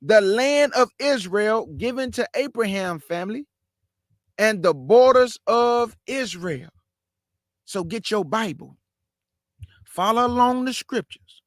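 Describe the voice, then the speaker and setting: Male Bible teacher and host, high-pitched and emphatic, dry close sound, casual delivery that keeps repeating its main points. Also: lively intonation, slow, dry recording. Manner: emphatic, repeats key phrases, calls listeners "family"; walks through a shared screen map while talking.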